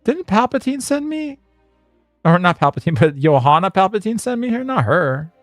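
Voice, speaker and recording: This is a male streamer reading a generated story aloud to his viewers, breaking off to chuckle and ramble. His voice sits a little high. The room sounds dry, and faint guitar music plays in the background. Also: sing-song, fairly bright tone, no echo. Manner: chuckling, rambling, reads in quick bursts.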